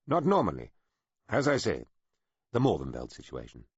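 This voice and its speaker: A man's voice: sits low, wildly swooping pitch, normal speed, husky, no room sound, muffled recording, pitched above the performer's own voice, heavily acted. A man doing a fidgety, apologetic envoy. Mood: awkward. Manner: hesitant, apologetic. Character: nervous bashful middle-aged male ship envoy.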